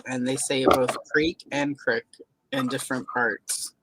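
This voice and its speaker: A woman's voice: extremely low pitch, level tone, moderate pace, a little hiss or hum, rough recording. A woman from the American South hosting a live stream, chatting casually and rambling with self-deprecating jokes over a home computer mic. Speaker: host of a live audio stream. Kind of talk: casual chat.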